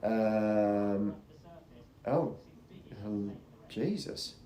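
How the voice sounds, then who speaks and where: A man's voice: on the low side, very slow, dark tone, reverberant. A young man giving casual, rambling race commentary on a live stream, chatty and swearing freely.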